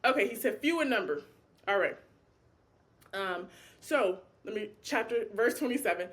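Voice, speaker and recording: A woman with a mid-range voice and moderate pace teaches an informal Bible study with impassioned energy. She acts out prayers and dialogue and keeps things casual, addressing listeners as "y'all."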